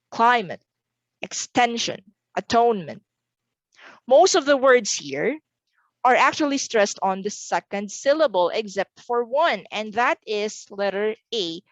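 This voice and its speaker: A woman's voice: mid-range voice, dry recording, poor audio. A woman from the Philippines giving an online exam review lesson, repeating words carefully for pronunciation drills.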